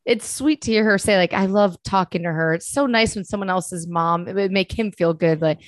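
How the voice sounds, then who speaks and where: A woman's voice: mid-range voice, fairly quick, dry recording. A young adult woman co-hosting a casual podcast chat, blunt and joking, swearing freely. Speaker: podcast co-host.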